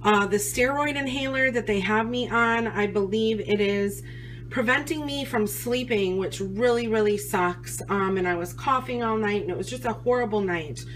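A hoarse, short-of-breath woman with an Upper Midwest American accent, chatting casually in a home vlog with lots of fillers. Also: mid-range voice, normal speed, fairly bright tone, a little hiss or hum. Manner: rambling, chatty, many fillers. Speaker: vlogger. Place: at home indoors.

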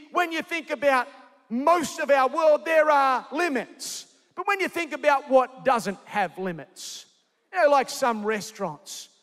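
A man preaching a sermon live in a large convention centre, energetic and jokey, calling out to the crowd. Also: very high-pitched. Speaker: pastor. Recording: echoey convention hall.

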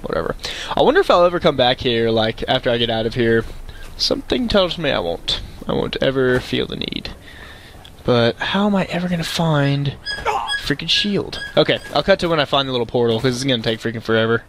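Excitable, animated man narrating gameplay. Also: mid-range voice, a little fast, very noisy. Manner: excitable, chatty, talks to game animals. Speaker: game streamer. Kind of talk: let's play commentary.

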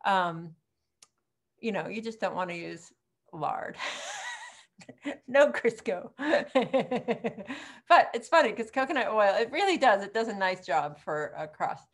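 A woman's voice: medium pitch, expressive, normal speed. A middle-aged woman teaching an online cooking class in a chatty, rambling way, with frequent ums and laughs.

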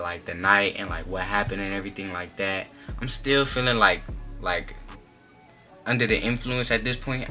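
Young guy spilling a storytime, super bright voice, lowish pitch, slangy and animated, faint music behind. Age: young adult. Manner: animated, slangy, many filler "like"s. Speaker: vlogger. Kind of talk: casual storytime.

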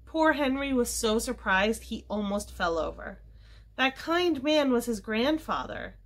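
A woman reading a children's chapter book aloud for a library storytime, with expressive, varied delivery. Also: on the high side, unhurried.

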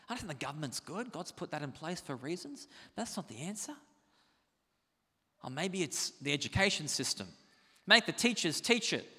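A man preaching a sermon as pastor, animated and conversational, asking the congregation rhetorical questions. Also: a little high, normal speed, husky, in a large hall.

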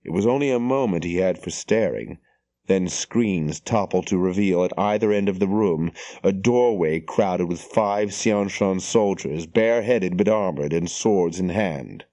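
A male audiobook narrator with a deep, dark and mellow voice. He tells the story in a measured, steady way, recorded close and dry with no room sound. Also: no room sound.

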